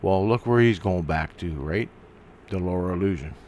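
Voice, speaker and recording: A low-pitched man recounting a story in a loose, profane monologue. He stops and restarts his sentences often, with a faint hiss of background noise behind him. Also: normal speed, a little mellow. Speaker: vlogger.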